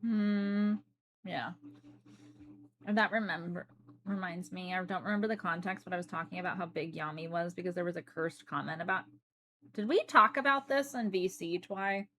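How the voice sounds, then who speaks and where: A woman's voice: lowish voice, moderate pace, fairly bright tone. A woman streamer chatting casually with her viewers in a chatty, dry and matter-of-fact way. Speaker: livestreamer. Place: seated at a desk.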